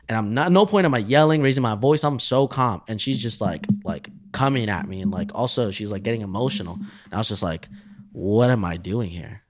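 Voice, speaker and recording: A man co-hosting a podcast, telling a story in casual chat with many restarts, often trailing off quietly. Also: fairly low pitch, animated, brisk. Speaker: podcast co-host.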